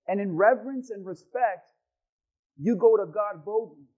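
Pastor, man, very high voice, fiery sermon with sudden drops to quiet, muffled lo-fi sound. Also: measured pace. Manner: swings from loud shouting to quiet asides. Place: church hall with congregation.

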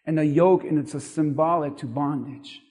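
Male pastor, high voice, emphatic and repetitive sermon delivery, recorded in a reverberant hall. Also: normal speed. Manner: animated, emphatic preaching with repetition.

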